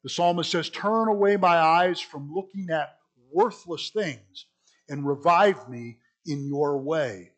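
A man preaching a sermon in a fairly high voice. He leans hard on key words, then drops to soft asides, and speaks to the room as folks. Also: takes it slowly. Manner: emphatic, swinging between loud stresses and quiet asides; addresses listeners as folks.

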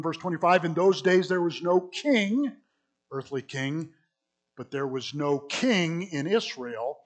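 A man preaching a sermon in a fairly high voice. He leans hard on key words, then drops to soft asides, and speaks to the room as folks. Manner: emphatic, swinging between loud stresses and quiet asides; addresses listeners as folks.

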